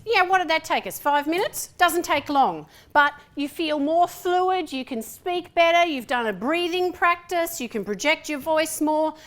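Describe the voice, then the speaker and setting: A middle-aged woman with a broad Australian accent speaks to a conference audience in a lecture hall. Her voice sits high and she talks in a chatty, animated way, often acting out little exchanges. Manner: chatty, animated, acts out dialogue. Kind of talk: lively conference talk.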